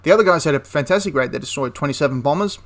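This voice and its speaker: A man's voice: a little high, animated, racing. A young man casually retelling a wartime history story, chatty and prone to correcting himself mid-sentence. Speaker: history channel host.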